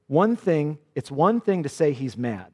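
A man's voice: on the high side, sing-song, a little slow, in a large hall. A male pastor preaching a sermon with earnest emphasis, quoting scripture dramatically.

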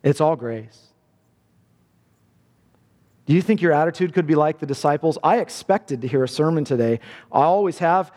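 A man's voice: on the high side, animated, moderate pace, pauses often, darkish tone. A male pastor preaching a sermon in a church, earnest and building to fervent emphasis. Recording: long reverb of a large hall.

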